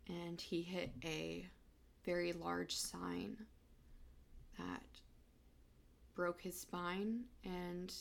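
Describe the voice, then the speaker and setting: Slow, creaky-voiced young woman. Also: fairly low pitch, expressive. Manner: halting, fighting back tears. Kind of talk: personal story of loss.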